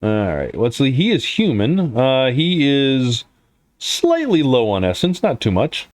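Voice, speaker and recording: A man's voice: medium pitch, wildly swooping pitch, measured pace, dry recording. A man narrating a tabletop role-playing game as game master, in a loose way with frequent fillers. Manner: loose, many fillers and restarts, laughs easily.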